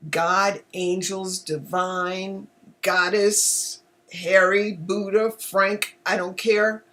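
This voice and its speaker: A woman's voice: medium pitch, a bit bright. A woman hosting a live online talk show on animal communication, speaking casually and emotionally, often exclaiming and laughing.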